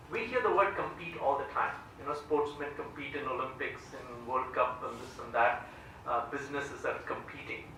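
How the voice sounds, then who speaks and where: A man's voice: high voice, pushed and bright, a little hiss or hum. A man giving a public lecture on economics, explaining step by step and often asking "right?". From India. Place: large lecture hall, standing before an audience. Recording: very echoey hall from far off.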